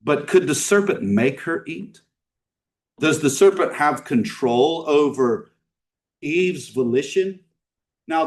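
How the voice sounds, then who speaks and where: A man preaches a sermon in a church sanctuary. He talks in a plain, conversational way and keeps asking his listeners questions. He leans hard on some lines and drops to a hush on others, and his voice comes from some distance from the mic. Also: on the high side. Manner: conversational preaching with rhetorical questions, swinging between emphatic and hushed. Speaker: pastor.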